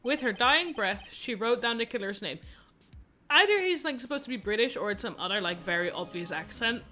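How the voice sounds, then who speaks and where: Woman streamer reading game text and chatting with viewers, bright lively voice, faint game music behind. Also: on the high side, a little fast. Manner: reads dialogue in her own voice, no accents; chatty, reacts aloud to the story.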